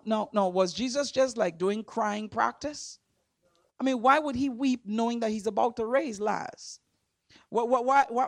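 Woman preacher, high voice, slow deliberate delivery that builds to shouted refrains. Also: no echo, clean studio sound. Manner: rising to fervent shouted refrains, with repeated words. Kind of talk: impassioned sermon.

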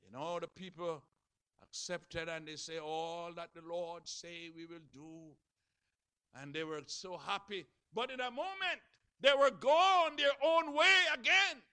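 High bright-voiced preacher, dramatic swings. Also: male voice, unhurried, smooth, no echo. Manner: dramatic, swings from shouting to hushed. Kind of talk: sermon.

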